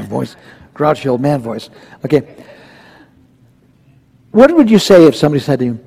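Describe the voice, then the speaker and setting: A man preaches a sermon with a fairly high, mellow voice, speaking emphatically and throwing rhetorical questions at his congregation. His voice rings with the long reverb of a large church hall. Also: very animated, measured pace, gravelly, pauses often, breathy edge. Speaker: pastor. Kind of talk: verse-by-verse sermon.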